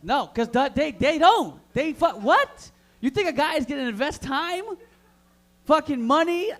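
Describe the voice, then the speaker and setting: At a live open mic in a vapor lounge's comedy room, a high-voiced man works the crowd. His stand-up is loud and crude, packed with hyped banter aimed right at the audience.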